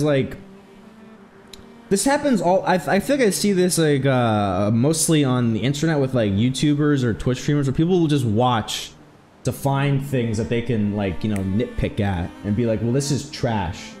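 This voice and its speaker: A man streaming a video game, chatting casually and rambling, with sudden loud exclamations when something excites him. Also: mid-range voice, moderate pace, faint music behind. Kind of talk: casual let's-play chat.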